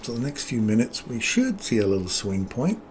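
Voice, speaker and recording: Brief: man from Canada, casual trading-stream host, medium pitch, faint noise behind. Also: big pitch swings, normal speed, darkish tone. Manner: joking, laughs often. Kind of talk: casual live-stream commentary.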